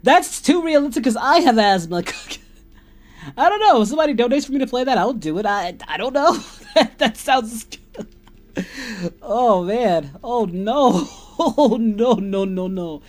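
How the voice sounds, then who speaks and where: Man doing Goku: excitable, giggly, bouncing pitch, streamer chat. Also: a little slow. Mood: excited. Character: Goku, cheerful spiky-haired male hero. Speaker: livestream host. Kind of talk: live stream chat in character.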